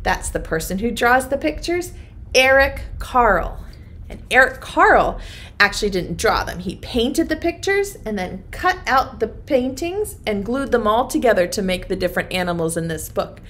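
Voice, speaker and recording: A woman's voice: on the high side, sing-song, moderate pace, fairly bright tone. A woman, a preschool teacher, leading an online circle time and reading a rhyming picture book to small children in a sing-song voice.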